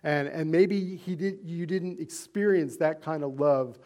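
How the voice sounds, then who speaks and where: High-pitched guy preaching, chatty and earnest, lots of ums and questions to the crowd. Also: measured pace, warm tone. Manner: earnest, conversational preaching with fillers and rhetorical questions. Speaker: pastor. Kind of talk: sermon.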